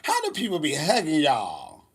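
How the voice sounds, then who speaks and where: A man's voice: on the high side, moderate pace, husky. Sassy guy w/ chatting on his vlog, laughs a lot, voice bouncing all over. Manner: sassy, animated, laughs often. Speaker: vlogger. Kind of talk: casual storytelling vlog.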